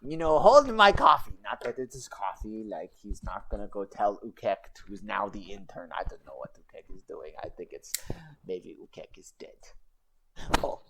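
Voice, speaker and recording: A woman's voice: rumbling low, moderate pace, background noise. A woman streamer telling a goblin legend in rambling, broken goblin-style grammar, with chatty asides. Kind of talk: casual livestream storytelling.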